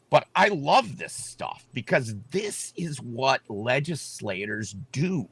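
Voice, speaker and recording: A man's voice: medium pitch, animated, slow, creaky, a bit bright, slightly rough, dry recording. A man running for office, talking emphatically in a casual political chat and often repeating himself. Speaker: political candidate.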